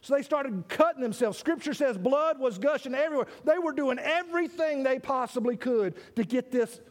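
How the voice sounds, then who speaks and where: Very high-voiced animated preacher man. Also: moderate pace, few pauses. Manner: animated, speaks directly to listeners by name, stammers on restarts. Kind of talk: sermon.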